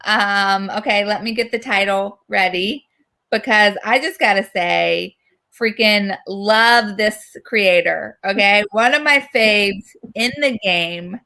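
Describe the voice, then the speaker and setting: A woman's voice: medium pitch, slow pace, gravelly, sharp tone. A woman co-hosting a film festival, chatty and rambling with enthusiasm. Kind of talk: casual chat.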